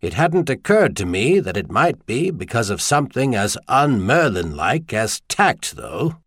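A man voicing a thoughtful archbishop who speaks in a wry, measured way. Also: medium pitch, sing-song, a bit bright, breathy edge, dry recording, studio quality, heavily acted.

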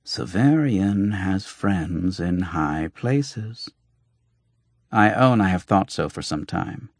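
A man's voice: low-pitched, husky, no room sound, clean studio sound, exaggerated voice. A man voicing a sly, fox-faced male doctor and showman, who talks with wry, mocking ease in an audiobook reading. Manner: wry, mocking, flowing speech.

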